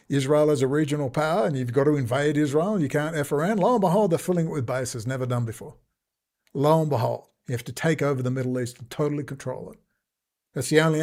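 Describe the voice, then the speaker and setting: A man's voice: on the high side, a little mellow. A man delivering a combative, emphatic political monologue that jumps from point to point. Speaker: political commentator. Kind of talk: ranting monologue.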